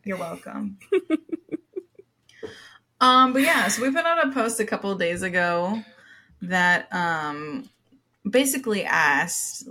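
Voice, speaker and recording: Bright-voiced young woman podcast co-host. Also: lowish voice. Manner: chatty storyteller, laughs often, many fillers. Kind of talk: casual chat.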